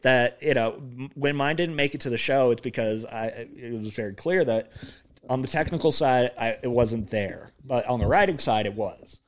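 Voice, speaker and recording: A man's voice: mid-range voice, moderate pace. A young man co-hosting a podcast, rambling through casual chat, laughing often and acting out movie lines. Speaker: podcast co-host.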